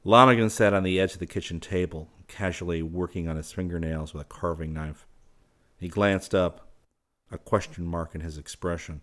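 A man narrates an audiobook in a steady, measured way. His voice is very low and even. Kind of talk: audiobook reading.

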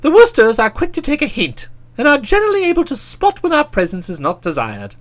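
A woman narrating a comic audiobook in a brisk, expressive storytelling manner. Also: high-pitched.

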